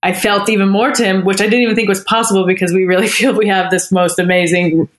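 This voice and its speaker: A woman guest on a podcast, telling a personal story in a candid, heartfelt way with frequent pauses and restarts. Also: medium pitch, steady tone.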